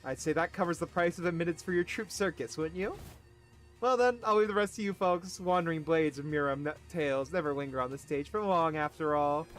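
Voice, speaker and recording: A man's voice: fairly high pitch, a little fast, fairly bright tone, faint music behind, natural voice. A man voicing a smug, theatrical male swordsman who mocks his foes in a silky tone.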